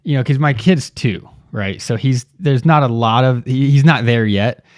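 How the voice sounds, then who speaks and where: A man's voice: mid-range voice, no room sound, clean studio sound. A young man hosting an interview, telling a family story with hesitant restarts as he thinks aloud. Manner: halting, restarts often while thinking aloud. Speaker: host. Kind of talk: casual interview chat.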